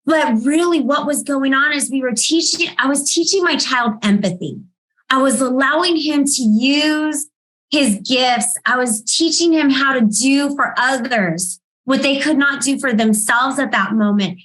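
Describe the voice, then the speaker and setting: Heartfelt mother on a panel, fairly high voice. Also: fairly bright tone, poor audio. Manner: heartfelt, halting with ums. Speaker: panel speaker, foundation founder. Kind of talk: personal storytelling talk.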